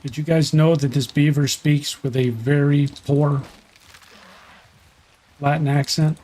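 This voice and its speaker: A man's voice: fairly high pitch, fairly even intonation, unhurried, mellow. A man streaming a survival game, chatting casually and thinking aloud while he plays. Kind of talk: casual gameplay commentary.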